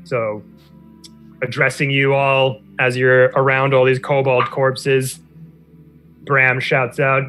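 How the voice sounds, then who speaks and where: A man's voice: medium pitch, flat delivery, takes it slowly, long pauses, bright, forceful tone, faint music behind. A man as game master, narrating a tabletop game in loose, meandering fashion.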